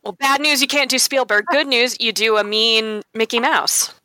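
A woman's voice: a little high, moderate pace, bright, forceful tone, no room sound. A woman guest on a podcast in casual chat, articulate and wordy, playfully dramatic.

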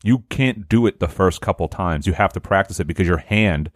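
A man's voice: low-pitched, a little fast, no echo, clean studio sound. A man hosting a casual podcast chat, explaining things in a rambling way with restarts. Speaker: podcast host.

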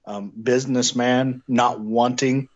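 A man co-hosting a casual podcast chat, talking in a measured, hedging way. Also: mid-range voice, steady tone, highs cut off. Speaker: podcast co-host.

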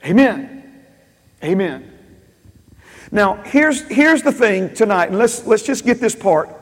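A man's voice: high voice, big pitch swings, takes it slowly, in a large hall. A man preaching a sermon as pastor, emphatic and repetitive, with frequent amens.

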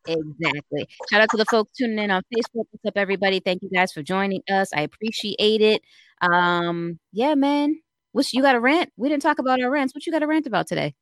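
A woman's voice: mid-range voice, lively intonation, brisk, no room sound. Woman, young adult, radio co-host, casual chat, laughing, exasperated, dry close sound. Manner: chatty, laughing, exasperated venting.

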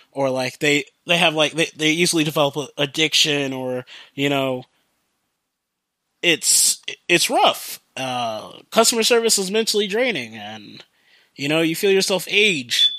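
A young man rambles through a casual podcast monologue while drunk, swearing often and leaning on fillers. His voice sits fairly high and sounds bright and forceful. The recording is dry and close. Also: dry recording. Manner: rambling, profane, filler-heavy. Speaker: podcast host. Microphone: new home podcast mic.

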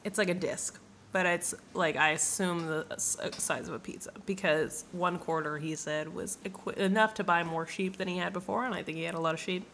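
Animated, profane young woman retelling a book. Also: lowish voice, brisk, slight background noise. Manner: animated, profane, lots of fillers and asides. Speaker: book summarizer. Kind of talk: casual retelling.

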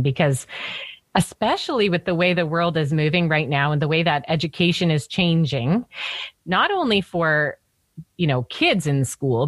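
An enthusiastic woman hosts a podcast with a notably low voice. She sounds middle-aged and chatty. Her speech is close and dry, with no room echo. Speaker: podcast host. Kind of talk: casual interview chat.

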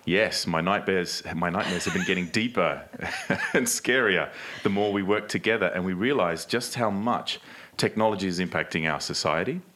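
A man with a very low voice and a bright, forceful tone co-hosts a live podcast. He trades playful jokes with his partner in front of an audience. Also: moderate pace, slight background noise. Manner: playful, joking banter. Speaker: podcast co-host. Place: stage before a live audience.

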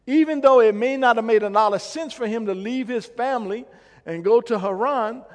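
Male pastor, sermon, high pitch for a man, emphatic questioning delivery, long hall reverb. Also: a little mellow. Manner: emphatic, repeats phrases and asks the congregation questions.

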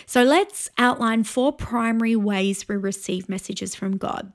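A woman pastor in her forties giving an earnest, encouraging teaching sermon, pausing to invite listeners to pray. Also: fairly high pitch.

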